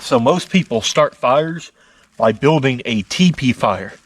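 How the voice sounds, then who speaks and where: A man's voice: mid-range voice, lively intonation, unhurried, slight background noise. A man vlogging outdoors at night, explaining plainly how to start a fire. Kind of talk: vlog narration.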